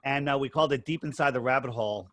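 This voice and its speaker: A man's voice: medium pitch, fairly bright tone, no room sound. A middle-aged man from the United States, a podcast guest telling his story in a casual, emphatic way. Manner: emphatic, storytelling, quick bursts. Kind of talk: casual interview talk.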